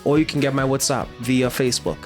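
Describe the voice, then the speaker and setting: A man's voice: mid-range voice, fairly even intonation, fast, soft background music. A man co-hosting a podcast in casual chat, joking and playful. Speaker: podcast co-host.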